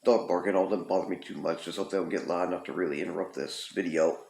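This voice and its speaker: A man's voice: deep voice, steady tone, quick pace, vocal fry, darkish tone. A man casually reviewing a retro video game, rambling with lots of ums and uhs. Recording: roomy echo.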